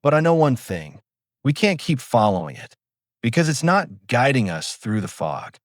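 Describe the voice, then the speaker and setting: A man voicing a tense male sailor, quiet and urgent under strain. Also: mid-range voice, very animated, normal speed, no echo, studio quality, close to an everyday voice.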